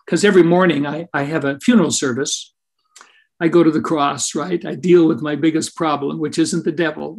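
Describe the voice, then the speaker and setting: An older man, a Christian minister, telling personal stories in a podcast interview and often checking in with "right?" and "is that right?". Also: fairly high pitch. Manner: earnest anecdotal storyteller with frequent "right?" tag questions. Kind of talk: storytelling interview.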